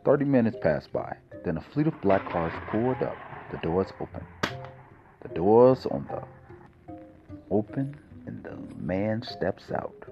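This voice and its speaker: Low-voiced male storyteller, animated delivery, dull recording with faint music behind. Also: a little slow. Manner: casual, loose narration with slips. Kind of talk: amateur crime story narration.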